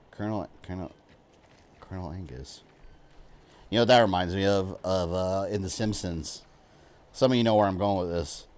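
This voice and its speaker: A man plays a video game live and talks to his viewers the whole time, in a relaxed, rambling way full of fillers. He laughs easily and drifts between topics. His voice sits fairly low. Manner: rambling, chatty, laughs often, lots of fillers. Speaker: gaming streamer. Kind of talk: casual live-stream commentary.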